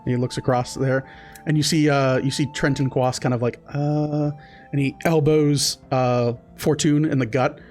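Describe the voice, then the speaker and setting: A man's voice: medium pitch, steady tone, normal speed, a little mellow, soft background music. A man narrating as game master, hesitant, with many fillers.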